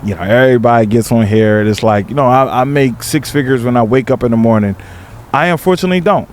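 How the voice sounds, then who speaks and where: A man's voice: mid-range voice, quick pace, a little mellow, slight background noise. A man guest on a podcast, talking reflectively with many repeats and filler phrases. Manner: reflective, hesitant, repeats words, lots of 'you know'. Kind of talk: candid podcast conversation.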